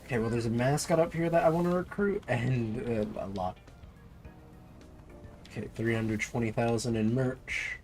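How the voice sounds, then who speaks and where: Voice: medium pitch, moderate pace, a little mellow, faint music behind. A streamer chatting playfully through a live game session, reacting to what happens on screen.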